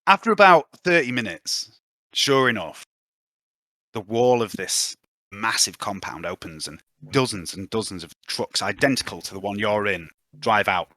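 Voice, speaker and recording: Theatrical male game master, bright-toned. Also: lowish voice, very animated, normal speed, no room sound, clean studio sound. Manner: ominous, theatrical storytelling. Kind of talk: dramatic narration of a tabletop game.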